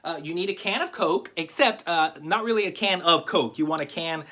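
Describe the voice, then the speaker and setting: A man's voice: fairly high pitch, fairly quick, bright, forceful tone. A man giving a comic magic lecture to camera, teaching a trick while joking, rambling and interrupting himself. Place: home video recording.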